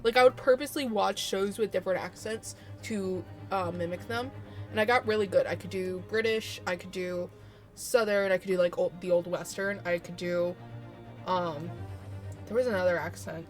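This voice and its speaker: A woman's voice: lowish voice, fairly even intonation, moderate pace, faint music behind. Chatty woman streamer. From United States. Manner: chatty, rambling, laughs often. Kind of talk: casual chat while playing a game.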